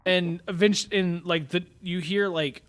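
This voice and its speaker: A man's voice: sits high, steady tone, moderate pace, fairly bright tone. A man narrating as game master of a tabletop game, hesitant and full of fillers. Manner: hesitant, filler-heavy narration, laughs often.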